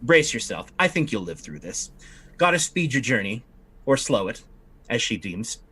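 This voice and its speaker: A man's voice: medium pitch, big pitch swings, moderate pace, sharp tone, husky, exaggerated voice. A man playing a tart, scheming witch. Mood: irked. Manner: tart, cursing when crossed. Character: sly, imperious witch woman who scries.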